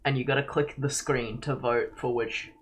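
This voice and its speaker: A man's voice: mid-range voice, fairly even intonation, moderate pace. A man from Australia chatting casually and jokingly while streaming a game, laughing often. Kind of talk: casual gameplay stream chat.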